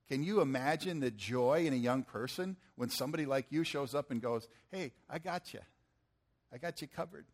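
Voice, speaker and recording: A middle-aged man preaching, telling a folksy story and acting out the people in it. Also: medium pitch. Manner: folksy, animated storytelling with acted-out quotes. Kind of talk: sermon storytelling.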